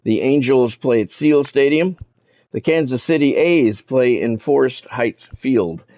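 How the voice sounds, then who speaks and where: A man's voice: medium pitch, lively intonation, unhurried, lo-fi sound. A man casually commentating his baseball video game on a live stream, chatting with viewers by name and swearing when annoyed. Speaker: gaming streamer.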